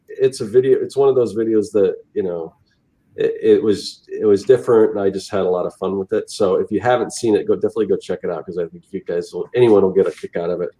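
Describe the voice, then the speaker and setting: A man with a low, dark-toned voice co-hosts an artists' podcast, heard on poor audio. His casual chat rambles, with frequent restarts and trailing phrases.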